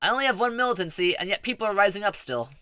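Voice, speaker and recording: A man's voice: high voice, lively intonation, racing, pushed and bright, smooth, dry recording, clean studio sound, soft background music. A man streaming a strategy game, giving playful, rambling commentary that stumbles over restarts.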